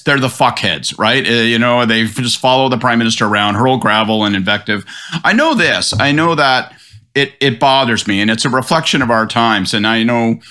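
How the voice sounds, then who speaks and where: A middle-aged man, a political commentator on a podcast panel, in an animated, profane rant. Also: mid-range voice. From Canada.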